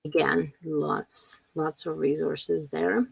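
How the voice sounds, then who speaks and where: A woman speaks slowly in a low, gravelly voice. She runs a live teaching webinar in a relaxed way, often repeating herself and reading out questions from the chat. The sound is dry and close. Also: no echo, low-quality recording. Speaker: ESL teacher trainer. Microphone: computer mic on a video call.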